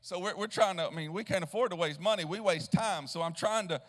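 A man's voice: high voice, quick pace, fairly bright tone, long reverb tail. A man, a traveling evangelist preaching a sermon in a church, telling a story with restarts and rising into a chanted preaching cadence. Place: church sanctuary.

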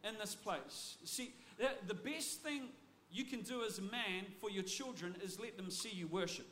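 High voiced pastor guy preaching, energetic, keeps repeating words as he restarts. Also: moderate pace, a little hiss or hum. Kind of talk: sermon.

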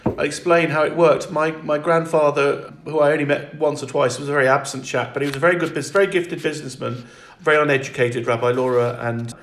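A man speaking as an interview guest in reflective conversation, halting and restarting often. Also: fairly high pitch, steady tone, echoey room, a little hiss or hum.

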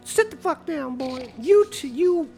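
A woman voicing a gruff, rude male dwarf innkeeper who calls people boy and fool in a tabletop role-play. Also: high voice, expressive, a little slow, a little mellow, faint music behind, full character voice. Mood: surly.

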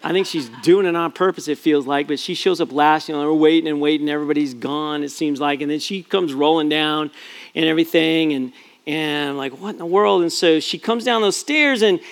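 A man's voice: fairly high pitch, brisk. A middle-aged man, a pastor, telling a personal family story in a chatty, self-deprecating way, full of fillers and restarts. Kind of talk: storytelling sermon.

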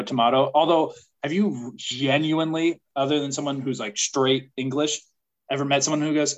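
Over poor audio, a man speaks fairly quickly as a podcast co-host in casual chat. He jokes, rambles, and pitches mock ads.

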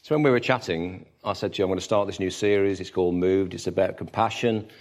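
A man's voice: deep voice, fast talker. A man hosting an interview, friendly and inquisitive in how he asks his questions. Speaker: host.

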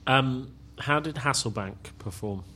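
A man's voice: mid-range voice, measured pace, bright, forceful tone, slight background noise. A man hosting a football podcast, prompting guests with dry asides. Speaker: podcast host. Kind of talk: casual football podcast chat.

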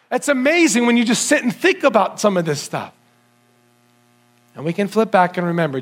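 A man with a high voice delivers a sermon, addressing his congregation directly and asking them questions. His delivery is animated, dropping low and climbing high to make a point. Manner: animated, sweeping between low and high pitch when quoting scripture; audience-addressing with rhetorical questions. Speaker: preacher.

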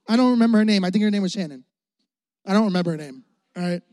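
A man's voice: high voice, rapid-fire, pauses often, no echo, clean studio sound. A young man preaching as a pastor, telling a funny childhood story and acting out his younger self. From Florida. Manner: animated, jokey, acts out his younger self. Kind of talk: comic sermon storytelling.

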